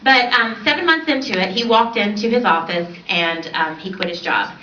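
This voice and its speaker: Woman in her forties, stage testimony speaker, lively and laughing, dull far-off recording in a big room. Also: mid-range voice, moderate pace, a little hiss or hum. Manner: animated storyteller, laughs often. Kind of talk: personal testimony speech. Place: large event hall on stage. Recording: roomy distant hall audio, dull.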